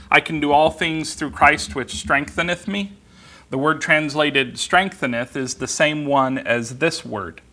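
A man preaching a sermon that explains scripture word by word, in a deliberate way with frequent ums and restarts. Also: medium pitch, pushed and bright. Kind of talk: expository Bible teaching.

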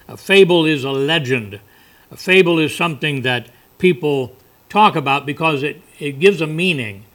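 Male preacher, folksy sermon delivery, bright and a little high. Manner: folksy, conversational preaching with asides.

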